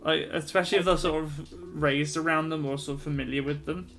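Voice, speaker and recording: A man's voice: a little high, fairly even intonation, brisk, gravelly, a bit bright, faint music behind. A man streaming while he draws, chatting casually and rambling with lots of fillers. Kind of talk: casual chat while drawing.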